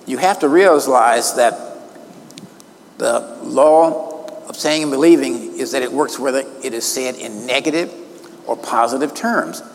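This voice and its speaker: Emphatic preacher in an echoey hall. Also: male voice, mid-range voice, slight background noise. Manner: emphatic, stretches key words slowly. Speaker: minister. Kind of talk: sermon teaching from notes.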